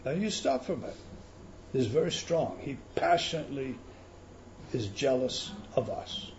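A man preaching a sermon in an emphatic teaching manner, swinging between loud stresses and quiet intensity. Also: medium pitch, animated, normal speed, highs cut off, a little hiss or hum.

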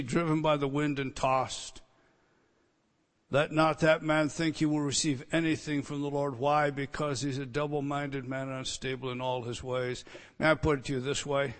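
A man preaching a sermon, swinging between loud emphatic teaching and quiet storytelling. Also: on the high side. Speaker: pastor. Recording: long reverb hall.

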